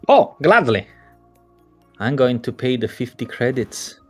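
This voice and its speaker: A man's voice: medium pitch, very animated, measured pace, soft background music. A man playing a tabletop game, rambling and joking about himself. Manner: rambling, self-mocking. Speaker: player.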